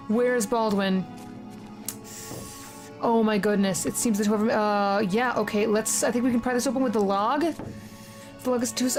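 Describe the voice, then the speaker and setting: A woman playing a horror video game, reacting excitedly with frequent swearing and reading the on-screen text aloud. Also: a little high. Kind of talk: casual let's-play commentary.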